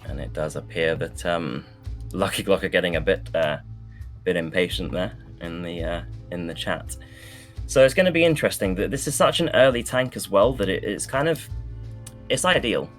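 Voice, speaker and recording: A man casting a live esports match, chatting loosely with many fillers while he fills the pauses. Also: deep voice, lively intonation, faint music behind. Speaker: esports caster.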